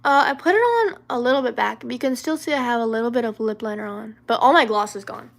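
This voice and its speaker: Answering viewer questions on a livestream, a young Southern woman from Louisiana chats casually, full of fillers, restarts and giggles. Her voice sits on the high side, and she talks fast.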